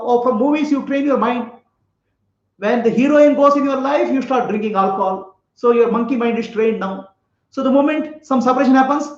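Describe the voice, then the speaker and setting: A man giving a spiritual talk, telling a parable, asking his listeners questions and often laughing. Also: very high voice. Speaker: spiritual teacher. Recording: echoey room, slightly dull lo-fi sound.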